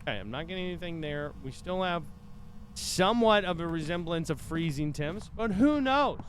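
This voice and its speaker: Guy streaming a ghost game, high-ish voice, cursing and grumbling at stuff, faint hum behind. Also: lively intonation, moderate pace. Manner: exasperated, swearing, talks to the ghost. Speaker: gaming streamer. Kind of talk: casual let's-play commentary.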